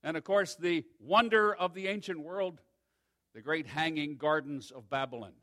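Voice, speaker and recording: A man preaching a sermon in an animated, wry way, swinging between loud emphasis and hushed asides. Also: fairly high pitch, normal speed. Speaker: pastor.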